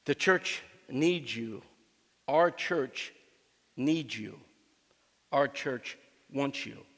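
Slow gravelly preacher in a reverberant church. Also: male voice, medium pitch, lively intonation, a bit bright. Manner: joking storyteller, repeats phrases for emphasis. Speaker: pastor. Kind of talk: sermon with humorous anecdote. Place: church sanctuary.

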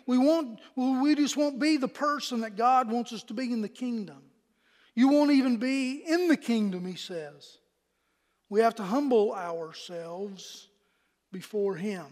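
Man, pastor, sermon, very high voice, earnest folksy delivery, repeats words, long hall echo.

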